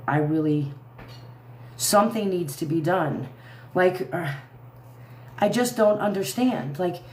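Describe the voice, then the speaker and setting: A woman's voice: fairly low pitch, a little mellow. Angry woman ranting on a livestream. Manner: heated, profane, repeats herself. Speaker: livestream commentator. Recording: echoey room.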